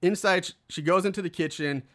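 Speaking a little fast in a high, fairly bright voice, a man recaps a movie for his podcast. He rambles, uses lots of fillers, and voices the characters' lines himself.

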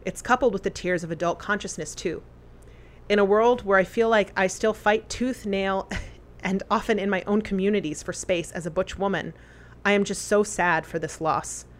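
A woman earnestly reading a memorial letter aloud, with deliberate phrasing. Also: medium pitch, fairly even intonation.

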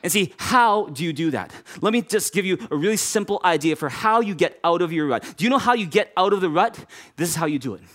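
A man's voice: high-pitched, lively intonation, fast talker, few pauses, fairly bright tone. A man preaching a sermon as pastor, repeating key phrases and speaking directly to his congregation.

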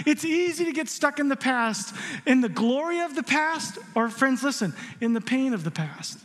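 A middle-aged man preaching a sermon as pastor, an animated storyteller who mixes jokes with rhetorical questions. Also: extremely high pitch, moderate pace. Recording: long hall reverb.

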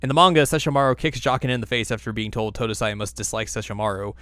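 A man chatting casually as a podcast co-host, recapping with playful asides and quick silly voices. His voice sits mid-range and the recording is dry and close. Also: mid-range voice, bright, forceful tone, dry recording. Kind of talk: casual chat recapping an anime episode.

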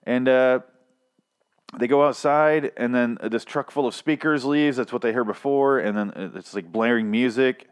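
A man's voice: mid-range voice, moderate pace, smooth. A man hosting a podcast who rants through a TV review in a casual, profane, sarcastic and exasperated way.

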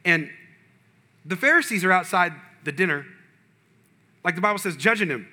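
A male pastor preaching a sermon, telling a personal story with animated, humorous delivery to his congregation. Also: high-pitched, normal speed.

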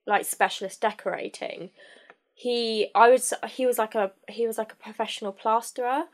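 A young woman telling a personal story as a podcast guest, candid and halting, with many fillers and restarts. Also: a little high, fairly even intonation.

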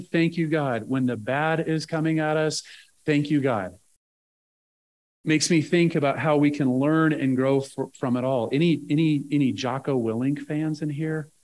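Fairly high-voiced preaching man. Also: measured pace, darkish tone. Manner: conversational preaching with rhetorical "right?" checks. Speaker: pastor. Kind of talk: sermon.

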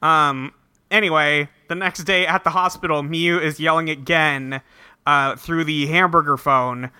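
A man hosting a casual podcast, retelling an episode in an animated way and briefly acting out the characters' lines. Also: fairly high pitch, clean tone, dry recording. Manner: animated storyteller who drops into quick voices for characters. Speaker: podcast host recapping an episode. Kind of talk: casual chat.

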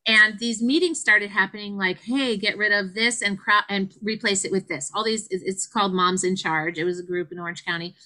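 A middle-aged woman with a bright, forceful voice tells her story as an interview guest. She is animated, acting out quotes with sudden high leaps in her voice. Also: brisk, few pauses, poor audio. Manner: animated, acts out quotes with big pitch jumps. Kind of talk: conversational storytelling.

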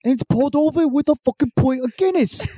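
A man putting on a shrill crude mock-British baker. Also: animated, normal speed, warm tone, no echo, clean studio sound. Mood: rowdy. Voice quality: high-pitched, swearing constantly. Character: crude foul-mouthed British man baking a cake.

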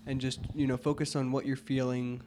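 A man's voice: mid-range voice, level tone, a little fast, a little mellow, slight background noise. A man co-hosting a podcast, speaking earnestly and repetitively as he urges listeners to think with the spirit. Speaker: podcast co-host. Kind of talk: casual faith chat.

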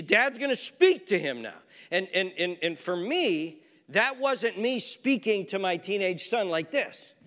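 A middle-aged man preaching a sermon with dramatic swings from loud to a hushed near-whisper, repeating phrases for emphasis, recorded in a church hall with a long reverb. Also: high voice. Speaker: pastor.

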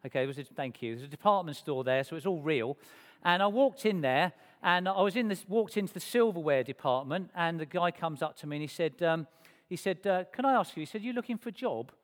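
A man's voice: on the high side, fairly quick. Man telling his story in a reverberant church. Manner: lively, self-mocking, acts out dialogue in quotes. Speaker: speaker sharing his testimony to a church congregation. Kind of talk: personal storytelling. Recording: long reverb of a church hall.

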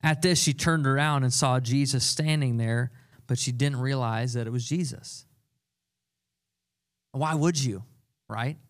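A man's voice: medium pitch, unhurried, long pauses. A young adult man preaching a sermon, earnest and conversational, repeating key phrases for emphasis. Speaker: pastor.

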